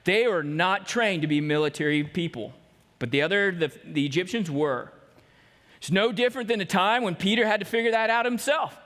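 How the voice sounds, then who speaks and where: Speaking a little fast in a high-pitched, slightly bright voice, a man preaches as pastor in a church sanctuary. He tells stories and acts out the people he quotes, and a long reverb tail follows his words.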